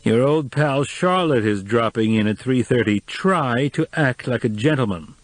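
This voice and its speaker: A man's voice: medium pitch, lively intonation, normal speed, dry recording, close to an everyday voice. A man reading an audiobook, voicing a reserved, formal middle-aged man who speaks with restraint. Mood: restrained. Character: patient, reserved middle-aged man, cool then kind.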